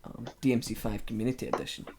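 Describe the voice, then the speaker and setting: A man's voice: mid-range voice, flat delivery, fast talker, a loud crowd. A man hosting a casual podcast, joking and swearing as he talks about games. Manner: swears, laughs and jokes crudely. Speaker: podcast host.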